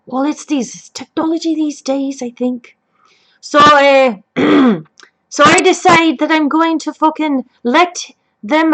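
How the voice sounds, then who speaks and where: A woman's voice: high-pitched, close to an everyday voice, rough recording. A woman playing a foul-mouthed elderly grandmother who rambles off topic and swears constantly. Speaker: grandmother telling a story. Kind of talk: comedic improvised chat.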